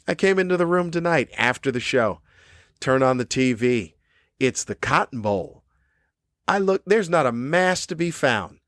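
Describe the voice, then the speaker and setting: A man's voice: mid-range voice, lively intonation, a little slow, a bit bright, dry recording, clean studio sound. A man hosting his own podcast, a cranky comedian ranting angrily and swearing often. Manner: angry, profane, cranky. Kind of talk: ranting monologue. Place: cruise ship room.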